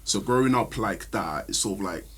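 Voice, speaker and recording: Deep-voiced young man, reflective. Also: lively intonation, normal speed, fairly bright tone, slightly rough. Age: young adult. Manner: reflective, hesitant, many fillers. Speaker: podcast guest, medicine student. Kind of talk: casual chat.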